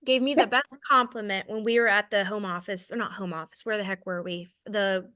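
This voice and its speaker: A woman in her thirties with a Southern American accent gives a casual, candid sales training talk, poking fun at herself and often checking in with "okay?" Her mid-range voice is steady, brisk, pushed and bright, with a clean tone.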